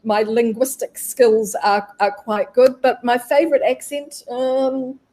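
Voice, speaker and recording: A woman's voice: fairly high pitch, level tone, unhurried. Chatty New woman guest. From New Zealand. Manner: chatty, rambling, warm. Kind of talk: casual interview chat.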